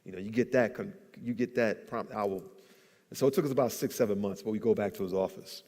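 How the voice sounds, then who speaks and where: A man's voice: fairly low pitch, fast talker, mellow. A man telling a business story at a church event, acting out the people he quotes. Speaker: guest entrepreneur. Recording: long hall reverb.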